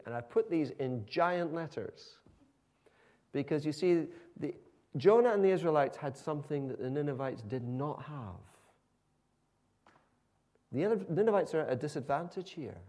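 A man's voice: on the high side, animated, moderate pace, long pauses, darkish tone. A man preaching a sermon in a conversational, emphatic storytelling manner.

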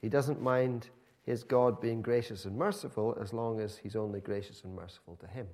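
A man's voice: on the low side, steady tone, normal speed, a little mellow. A man preaching a sermon in a conversational, emphatic storytelling manner.

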